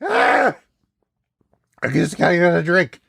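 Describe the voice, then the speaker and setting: A man hosting a comedy podcast, rambling in a self-mocking, excitable way and laughing often. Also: sits high, takes it slowly, vocal fry, husky.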